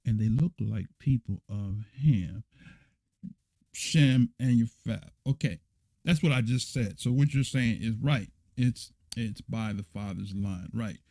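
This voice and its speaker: A church elder with a fairly low, gravelly, warm voice teaches a livestreamed scripture lesson, answering viewer comments at a measured pace in a dry recording. He's blunt and emphatic, giving a dry lesson, repeating himself and constantly asking "right?"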